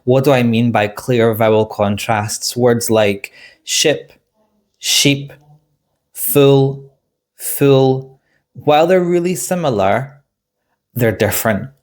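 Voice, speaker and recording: A man teaching an English exam lesson to online viewers in a clear, deliberate way. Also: mid-range voice, darkish tone.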